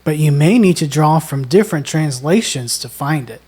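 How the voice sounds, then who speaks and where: A woman co-hosting a songwriting lesson, explaining in a measured, deliberate way. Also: sits low, lively intonation, mellow, slightly rough. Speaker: songwriting co-host. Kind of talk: instructional conversation.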